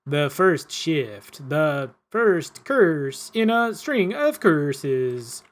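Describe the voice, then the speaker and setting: A man voicing a mysterious stranger in red gloves who speaks with a grating, unearthly cadence and long pauses between phrases. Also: on the high side, sing-song, heavily acted. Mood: ominous. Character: eerie man in red gloves, unnatural speech.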